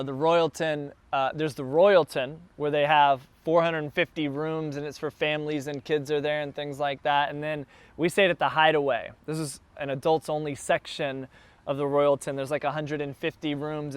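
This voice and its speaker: A man who is a church planter, telling a casual, animated story to a group gathered in a backyard. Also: on the high side, clear, resonant tone, no echo. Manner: animated, builds excitement as the story goes on. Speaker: church planter addressing his launch team.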